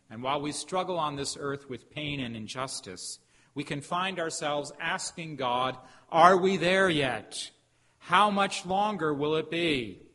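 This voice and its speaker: A middle-aged man preaching a sermon as a pastor, telling a story with emphatic pauses. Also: on the high side, a bit bright. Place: church sanctuary. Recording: hall reverb, faint background noise.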